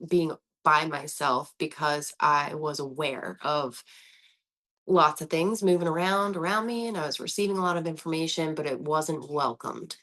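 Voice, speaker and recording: An American woman in her thirties hosting a podcast, telling her own story in an animated way and laughing often. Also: sits low. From United States. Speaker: podcast host. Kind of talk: casual conversational podcast.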